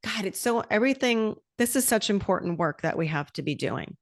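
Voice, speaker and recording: A woman's voice: mid-range voice, expressive, a little fast, no room sound, studio quality. A middle-aged woman hosting a podcast, talking candidly and with animation, swearing freely in casual conversation. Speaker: podcast host.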